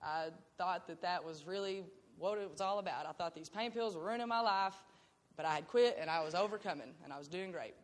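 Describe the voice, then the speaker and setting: A woman's voice: fairly low pitch, brisk. A young woman giving an earnest, emotional faith testimony. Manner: earnest and emotional, breaks into laughter. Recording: long hall reverb.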